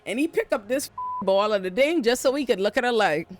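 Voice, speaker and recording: A woman's voice: a little high, lively intonation, brisk, faint music behind. A young woman giving a casual TV episode recap, talking in a sassy, profane, dramatic way. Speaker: TV recap host.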